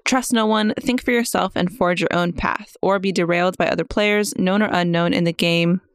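Woman, smooth lowish voice, friendly podcast co-host reading fan mail. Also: fairly even intonation, moderate pace, no room sound, studio quality. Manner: friendly, plugs the show's contacts. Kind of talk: casual podcast chat, reading listener messages.

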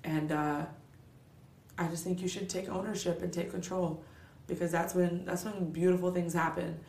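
Woman podcast host, solo rant, blunt and profane, tired, stuffy nose, lowish voice, echoey room. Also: little pitch movement, normal speed, creaky, darkish tone. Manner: candid, blunt, profane, motivational.

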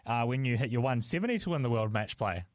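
A man's voice: mid-range voice, lively intonation, fast talker, no echo, studio quality. A man hosting a radio interview, asking plain, friendly questions. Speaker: radio host.

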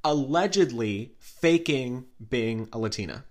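A podcast co-host telling celebrity gossip in a casual, dramatic way, full of fillers and asides. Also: male voice, mid-range voice, expressive, unhurried. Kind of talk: casual pop culture gossip chat.

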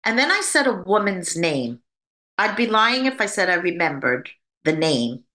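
A woman who works as a psychic medium, telling her story in an interview in an animated way and acting out the voices she quotes. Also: fairly low pitch, moderate pace.

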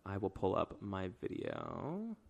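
A man co-hosting a true-crime podcast, chatting casually and reading out call captions slowly. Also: deep voice, huge pitch swings, gravelly, a little mellow, dull audio. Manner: laid-back, reads captions aloud slowly. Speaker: podcast co-host.

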